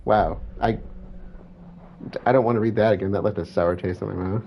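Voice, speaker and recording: A man's voice: on the low side, steady tone, normal speed. A man chatting casually while playing a horror video game, reading game text aloud and correcting himself as he goes. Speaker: gameplay commentator. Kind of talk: let's play commentary. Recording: dull lo-fi with faint hiss.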